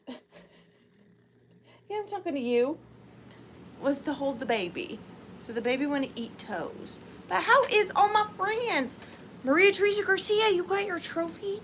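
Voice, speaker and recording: A young Southern woman hosts a relaxed live-stream sale from her chair at home, greeting viewers one by one. Her voice sits high and swoops up and down as she slips into sing-song baby talk with her rabbit. She sounds a bit sleepy, with a faint hiss of room noise behind her.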